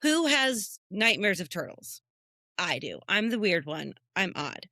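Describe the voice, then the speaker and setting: Bright, animated American woman telling stories. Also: a little slow, no echo, clean studio sound. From United States. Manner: animated storyteller who jumps high when quoting people. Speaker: podcast co-host. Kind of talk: casual chat.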